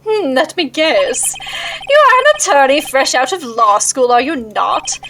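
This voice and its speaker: A woman's voice: high-pitched, animated, measured pace, fairly bright tone, slight background noise, full character voice. A woman voicing a pompous, arrogant male company chief who shows off with grandiose invented words, reading along with a game.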